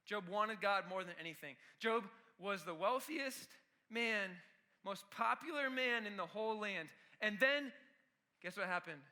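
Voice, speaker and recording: Youth pastor guy, high bright voice, energetic, talking right at the kids. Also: a little slow. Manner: energetic, talks straight to the students. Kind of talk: youth sermon.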